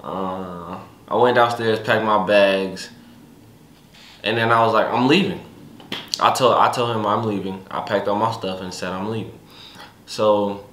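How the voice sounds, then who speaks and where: A young man casually recounting a family conflict in relaxed, slangy speech with many restarts. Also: fairly low pitch, echoey room. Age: young adult. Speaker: son telling his story. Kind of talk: casual storytelling.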